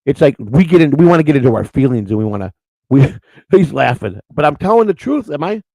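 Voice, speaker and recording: Gravelly-voiced guy rambling on his live stream, blunt and crude, dry close mic. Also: mid-range voice, very animated, fast, dark tone, no room sound, rough recording. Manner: rambling, repeats words as he restarts. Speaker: live-stream morning show host. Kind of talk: unscripted live-stream chat.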